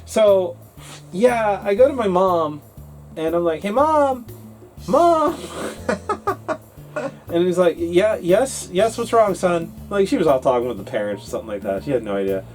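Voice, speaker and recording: A man co-hosting a casual English-learning talk show, telling a story in an animated way and acting out his younger self. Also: high-pitched, moderate pace, faint music behind.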